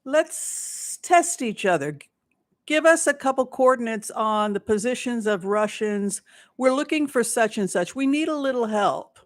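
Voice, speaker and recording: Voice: mid-range voice, animated, measured pace, pitched above the performer's own voice, lightly acted. A livestream host voicing a sly, polite British official who offers tea and asks for a favour. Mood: sly, courteous. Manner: mock-courteous, wheedling.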